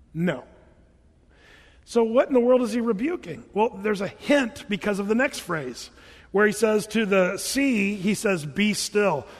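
A man preaching a sermon as pastor in a relaxed, chatty way and often restarting his sentences. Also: high-pitched. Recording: long hall reverb.

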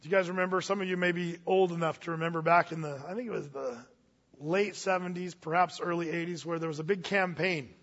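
This male pastor, whose voice is a little high, steady and fairly bright, preaches quickly to his church in a casual, folksy manner full of asides and restarts. The church hall recording sounds dull, with a long reverb.

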